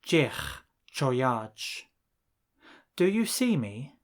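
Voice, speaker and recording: A male language teacher works through a scripted lesson at an extremely unhurried pace. He says each phrase deliberately and leaves pauses for the listener to repeat it. His pitch sits in a middle range. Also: big pitch swings. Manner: slow, deliberate drilling with pauses for repetition.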